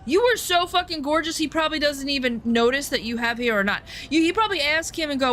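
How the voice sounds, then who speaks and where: A woman's voice: high-pitched, animated, fast talker, few pauses, fairly bright tone, slight background noise. A woman chatting casually and profanely while streaming a game, full of rambling asides. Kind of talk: casual gameplay commentary.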